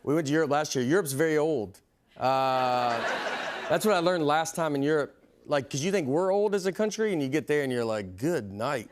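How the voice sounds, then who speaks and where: A man in his forties with a Southern American accent, telling rambling self-deprecating comedy stories in a deadpan way, as a guest on a TV talk show. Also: fairly high pitch, moderate pace. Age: 40s. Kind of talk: deadpan storytelling chat. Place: TV studio with audience. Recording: TV studio with audience noise. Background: audience noise.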